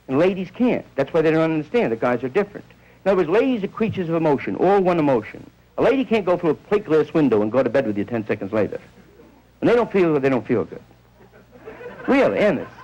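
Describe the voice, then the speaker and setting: A man performing a rambling stand-up routine, slipping into quick character bits, on an old recording. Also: high-pitched, poor audio. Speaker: stand-up comedian.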